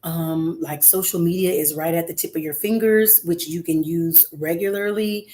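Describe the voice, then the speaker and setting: A woman's voice: lowish voice, fairly even intonation, normal speed, dark tone. A middle-aged woman, a guest singer, talking casually in an interview over a remote call, earnest and encouraging with frequent filler words.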